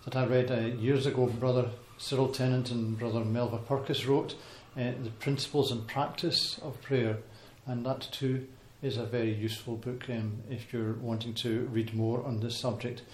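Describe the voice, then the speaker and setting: A man gives an informal talk about faith to a gathered congregation. He speaks hesitantly, filling pauses with ums and restarting phrases. The sound is roomy and echoey, with a faint background hiss. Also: medium pitch, flat delivery, darkish tone. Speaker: speaker giving a Bible talk. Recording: echoey hall with faint noise.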